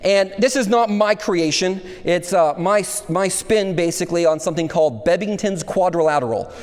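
A man with a high voice preaches in a large hall, and his words trail off in a long reverb. He tells a personal story, then moves into an easygoing, conversational teaching style. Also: normal speed. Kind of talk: chapel sermon.

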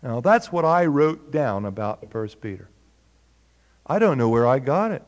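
A man's voice: mid-range voice, very animated, unhurried, dull audio. Man teaching scripture in a reverberant hall. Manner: conversational, asks the audience questions. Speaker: preacher. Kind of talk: Bible teaching.

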